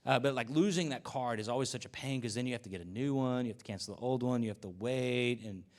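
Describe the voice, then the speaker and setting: A male pastor giving a conversational sermon, telling relaxed stories full of fillers and asides. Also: medium pitch, fast.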